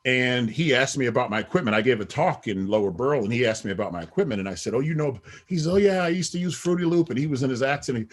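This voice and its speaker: A man's voice: medium pitch, lively intonation, fast, few pauses, husky. A middle-aged man, a podcast guest, talking in a rambling casual way with many "you know what I mean" asides. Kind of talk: casual interview talk.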